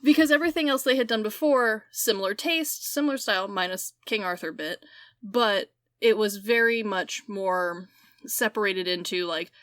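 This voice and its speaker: A young woman co-hosting a podcast in casual chat, talking in animated quick bursts with laughs. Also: mid-range voice, no room sound, clean studio sound. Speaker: podcast co-host.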